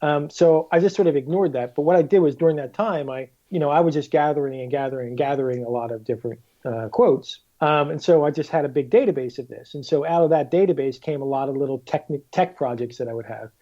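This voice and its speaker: Over lo-fi sound, a man with a voice on the high side speaks quickly and barely pauses as a guest author on a casual podcast. He is an animated storyteller who acts out quotes, swearing as he does.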